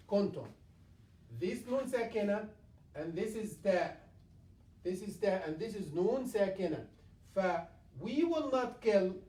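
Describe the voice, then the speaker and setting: A male imam with a high voice teaches Quran recitation in a tajweed lesson held in a mosque classroom, his tone somewhat dark. He speaks haltingly, with many fillers, repeating himself and reciting examples. The room echoes and the mic sits far away, so he sounds distant.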